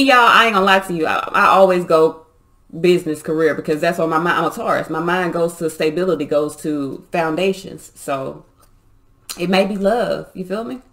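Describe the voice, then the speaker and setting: A woman's voice: fairly low pitch, fairly bright tone. A woman reads tarot cards for her viewers in a loose, casual way. She talks bluntly, swears freely and gets emphatic when she makes a point. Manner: blunt, profane, fired-up and emphatic. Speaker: tarot reader.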